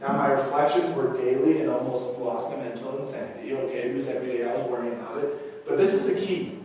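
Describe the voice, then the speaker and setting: Animated man speaking in echoey hall. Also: mid-range voice, fast talker. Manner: animated storytelling, acts out quoted dialogue, frequent "okay?" check-ins. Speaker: teacher giving a staff talk. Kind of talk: personal presentation to colleagues. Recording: echoey hall from far off, faint noise.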